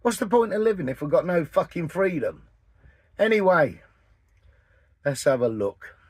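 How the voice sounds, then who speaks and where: A man in his sixties, from England, ranting in a casual vlog, blunt and full of swearing, with a husky voice. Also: fairly high pitch, sing-song, normal speed. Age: 60s. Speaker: vanlife vlogger. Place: in and around a camper van, partly outdoors.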